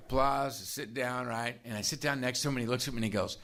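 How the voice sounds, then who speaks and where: A man's voice: medium pitch, fairly even intonation, fast, a crowd in the background. A man giving a candid, conversational talk about his recovery to a live audience, often checking in with "right?". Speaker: speaker at a recovery meeting.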